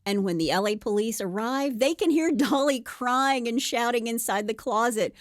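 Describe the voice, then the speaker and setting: A woman's voice: fairly high pitch, normal speed, dry recording, studio quality. A woman co-hosting a podcast, telling a true crime story casually and acting out the quotes with playful voices.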